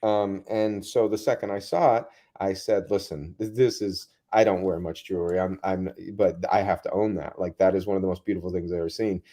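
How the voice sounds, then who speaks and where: A man, a guest in a casual interview, telling rambling, animated stories full of asides. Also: low voice, fairly quick, hardly any pauses.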